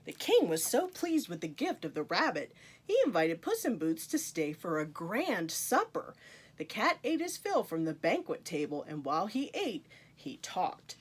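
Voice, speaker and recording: A woman's voice: on the low side, big pitch swings, normal speed, slightly rough. A woman reading a picture book aloud to children, with playful asides to her young listeners. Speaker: storytime reader.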